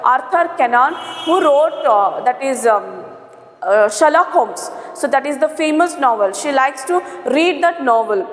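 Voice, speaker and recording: High-voiced Indian woman teaching, echoey room. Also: lively intonation. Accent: Indian English. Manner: slow, repetitive explaining with many fillers and "okay?". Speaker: English teacher. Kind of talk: explaining a textbook lesson. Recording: echoey room with long reverb.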